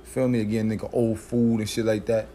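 A man's voice: fairly low pitch, little pitch movement, fairly quick, dark tone, a little hiss or hum. A man co-hosting a podcast, talking loosely and joking in heavy slang. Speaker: podcast co-host. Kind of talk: casual podcast banter.

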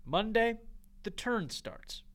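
A man's voice: high voice, takes it slowly. A young man, a podcast co-host, telling a story in casual chat, full of "like" and laughing as he goes. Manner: animated, heavy use of "like", laughs while telling stories.

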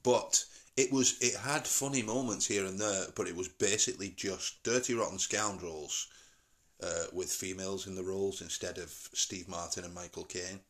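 Deep-voiced man rambling. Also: fairly even intonation. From St Helens, England. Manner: rambling, halting, with many fillers. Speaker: podcast host. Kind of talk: casual chat.

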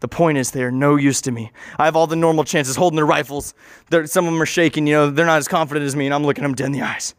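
A man's voice: fairly high pitch, steady tone, quick pace, no echo, studio quality. A man telling an improvised story in a rambling way, often correcting himself and adding joking asides.

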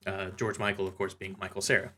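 A man's voice: low-pitched, little pitch movement, fast talker, pushed and bright. A man co-hosting a podcast, recapping a comic in loose, casual chat with lots of fillers and laughs. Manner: laughs often, loose and chatty with frequent fillers. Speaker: podcast co-host.

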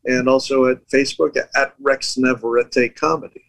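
A man in his fifties, born in the Philippines and raised near San Francisco, chatting as a comedian guest in a relaxed, slangy way with frequent chuckles. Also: medium pitch, normal speed, no room sound, poor audio. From Philippines, raised in South San Francisco. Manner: laid-back, chuckling, slangy. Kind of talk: casual interview chat.

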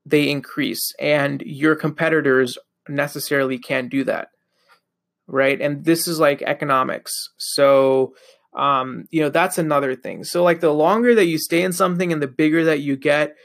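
Gravelly young man rambling casually. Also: fairly high pitch, fairly even intonation, moderate pace, a bit bright. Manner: rambling, loose, many fillers. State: sleepy, yawning. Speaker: podcast host. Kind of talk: casual solo monologue.

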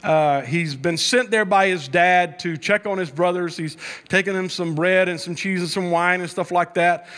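A man's voice: high voice, steady tone, normal speed, fairly bright tone. A man pastor preaching a sermon in a conversational way, with frequent restarts and mounting emphasis as he tells the story.

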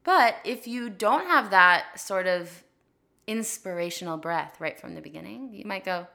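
Bright-voiced woman teaching singing. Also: medium pitch, measured pace, vocal fry. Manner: chatty and animated, drifts into short sung demonstrations; frequent "like" fillers. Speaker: voice teacher and podcast host. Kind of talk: casual spoken lesson.

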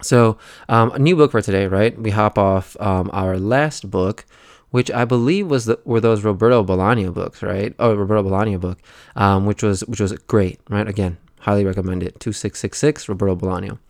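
A young man talks on his solo podcast in a relaxed, rambling way, filling his pauses with "um" and "right?". His voice sits low. The recording is close and dry, with no room sound. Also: no echo. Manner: rambling, laid-back, many fillers and "right?". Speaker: podcast host. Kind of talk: casual solo podcast monologue.

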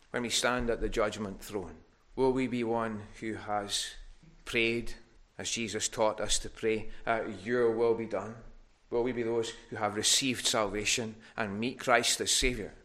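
A man's voice: fairly low pitch, a bit bright. A man preaching a sermon in a church, earnest and given to restarts, rising in force on his appeals. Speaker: pastor.

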